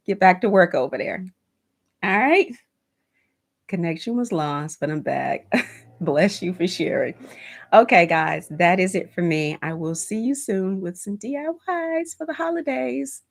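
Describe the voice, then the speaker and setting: A woman's voice: fairly low pitch, gravelly. A woman in her fifties hosting a home decor channel, chatting casually on a livestream, emotional and encouraging, speaking of her faith and thanking viewers by name. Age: 50s. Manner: warm, emotional, reads viewer comments; faith-filled encouraging talk.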